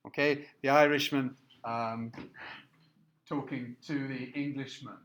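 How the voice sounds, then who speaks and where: A man giving a recorded lecture, explaining slides in a halting way with many fillers and restarts. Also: medium pitch, steady tone, a bit bright, slight background noise. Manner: explanatory, asks listeners to look at slides.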